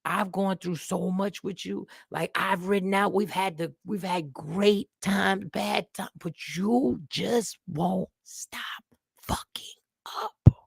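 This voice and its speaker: A man's voice: sits high, slow, vocal fry, breathy edge, dry recording, clean studio sound, heavily acted. A man role-playing a fed-up woman who lists her grievances and scolds her partner. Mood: weary. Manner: exasperated, listing grievances.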